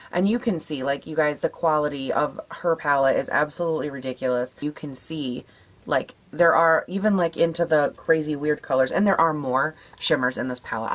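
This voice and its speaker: A young woman with a raspy morning voice, chatting casually as she tests makeup, swearing now and then and laughing at herself. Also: low voice, fairly bright tone. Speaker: beauty vlogger. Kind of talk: casual makeup tutorial chat.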